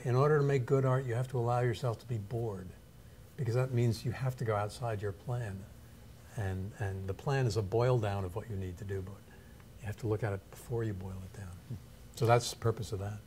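A man's voice: lowish voice, darkish tone, slight background noise. A man, a photographer and teacher, reflecting and telling anecdotes in a studio interview. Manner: thoughtful, anecdotal, measured.

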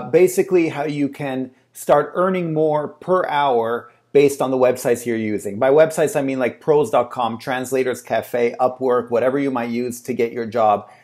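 A man talks straight to his camera in a loose, chatty way, telling a story from his working life. He leans on fillers and restarts as he goes. His voice sits at an ordinary middle pitch. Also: darkish tone. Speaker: translator and agency owner. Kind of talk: casual talk to camera.

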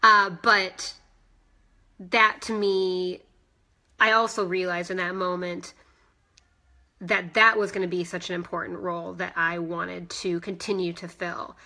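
A woman's voice: on the low side, level tone, measured pace, pauses often, bright, forceful tone. A woman in her thirties, a fitness instructor, chatting emotionally in a live personal vlog and greeting viewers by name. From United States.

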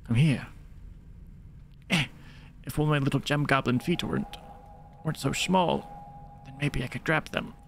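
A man's voice: medium pitch, measured pace, pauses often, a bit bright, slight background noise. A man voicing a small, greedy male gem goblin with a spitty, wet-mouthed voice, muttering to himself while improvising role-play over a video game.

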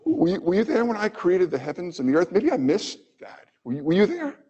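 A man's voice: high-pitched, big pitch swings, fairly quick, warm tone, husky, voice pushed up, full character voice. Stern male God figure, raised voice, rhetorical questions by a man lecturing, lo-fi hall sound. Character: mighty male creator God, stern and lofty. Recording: dull audio with long hall reverb.

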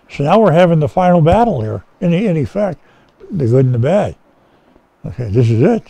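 A man's voice: a little high, lively intonation, measured pace, vocal fry, long pauses, mellow, rough recording. A male pastor teaching from the Bible in a folksy, conversational way, often checking in with his listeners. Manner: folksy and conversational, asks "okay?" often, many restarts. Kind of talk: informal Bible-teaching sermon. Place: rescue mission chapel.

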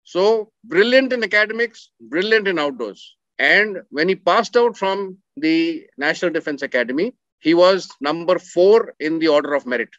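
A man's voice: high voice, animated, moderate pace, hardly any pauses, fairly bright tone, dry recording, dull audio. A middle-aged man, earnestly telling a story about a coursemate and repeating words for emphasis. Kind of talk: storytelling talk with slides.

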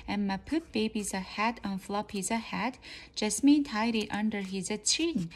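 A woman's voice: medium pitch, measured pace, slight background noise. A woman reading a children's storybook aloud carefully, as reading practice. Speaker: reader.

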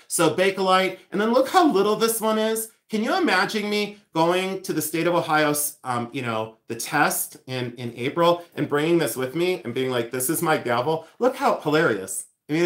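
A man's voice: a little high, a bit bright. Chatty man livestreaming in an echoey room. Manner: chatty, easily distracted, self-amused, thanks viewers by name. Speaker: antique dealer and livestream host. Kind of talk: casual livestream chat reading the chat.

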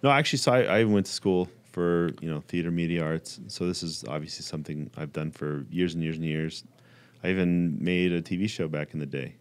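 Low-voiced joking young man. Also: brisk, clear, resonant tone. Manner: joking, sarcastic. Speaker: podcast co-host. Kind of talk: casual office banter.

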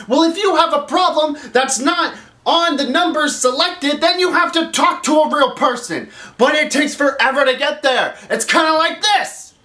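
A man's voice: very high-pitched, moderate pace, pushed and bright. A man hosting a comedic rant vlog, exasperated and swearing as he complains. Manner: exasperated, profane ranting. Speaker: vlog host. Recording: roomy echo.

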